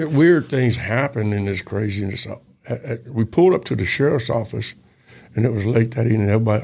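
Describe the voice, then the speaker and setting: Gravelly older man. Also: mid-range voice, dark tone. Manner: folksy, acts out dialogue in quoted voices. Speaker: retired police officer storyteller. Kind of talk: casual storytelling interview.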